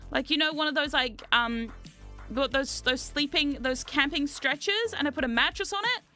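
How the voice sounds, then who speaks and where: A woman's voice: high voice, normal speed, bright, forceful tone, soft background music. A woman streamer telling a travel story in casual chat, swearing freely and laughing often.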